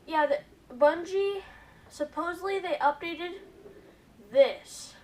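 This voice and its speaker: A woman hosting a gaming video, giving excitable gameplay commentary and often calling out to her viewers. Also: high voice, takes it slowly, long pauses, distant mic, a little hiss or hum. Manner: excitable, keeps addressing viewers as "guys".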